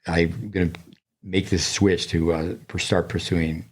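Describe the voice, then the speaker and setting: Rambling low-voiced older man coach. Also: level tone, a little slow, slightly rough. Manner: rambling, digressive, many restarts. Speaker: tennis coach and podcast co-host. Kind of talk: casual storytelling chat.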